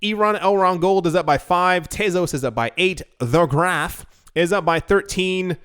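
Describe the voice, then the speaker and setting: A man's voice: high-pitched, normal speed, a bit bright, smooth. A man hosting a solo crypto channel, talking casually and rambling, who runs out of breath while reading long lists. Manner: rambling, self-deprecating, rattles off long lists.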